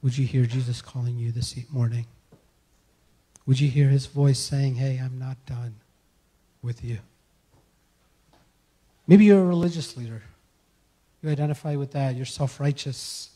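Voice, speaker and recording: A male pastor delivering a sermon, earnestly pleading with his listeners and letting his lines fall soft at the close. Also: medium pitch, normal speed, slightly rough. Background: soft guitar music.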